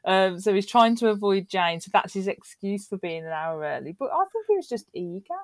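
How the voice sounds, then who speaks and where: A woman's voice: medium pitch, lively intonation, fairly quick, no room sound, clean studio sound. A British woman as a guest co-host on a podcast, chatting casually about a sitcom, laughing often and chiming in with short agreeing replies. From United Kingdom. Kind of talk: casual recap chat.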